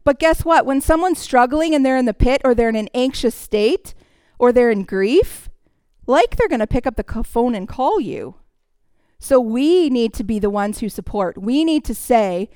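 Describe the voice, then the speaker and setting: A woman's voice: fairly high pitch, lively intonation, normal speed, clear, resonant tone, no echo. A woman giving a sermon in a conversational teaching manner, now and then acting out what people say. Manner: warm, conversational teaching with acted quotes. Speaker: speaker in a church service.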